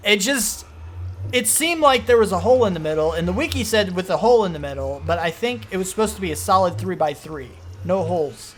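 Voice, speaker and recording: A man commenting on his own gameplay as he plays, rambling through explanations and breaking into panicky, excitable outbursts. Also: sits high. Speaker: gaming video host.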